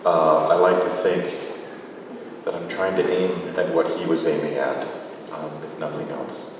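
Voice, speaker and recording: A man's voice: sits low, a little slow, background noise. Man reciting a list poem in a hall. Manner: steady listing cadence. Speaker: poet. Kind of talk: poetry reading. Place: large hall at a poetry event. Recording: echoey hall from far off.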